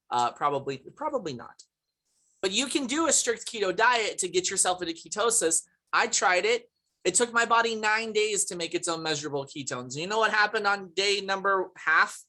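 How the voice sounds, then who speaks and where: A woman with a medium-pitched, bright, forceful voice presents a product live over a video call on her computer mic. She's upbeat and talkative, laughing plenty and greeting people in the chat by name.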